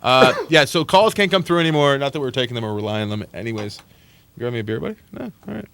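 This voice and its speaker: A man hosting a late-night radio aftershow from a studio, animated and sarcastic, cursing freely and teasing callers. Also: medium pitch, fast, creaky. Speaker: radio show host.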